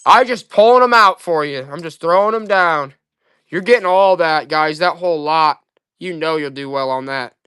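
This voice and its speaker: A man's voice: a little high, normal speed, clear, resonant tone. A man selling items on a live auction stream, hyping each piece and talking to his viewers. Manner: excited hype salesman talk.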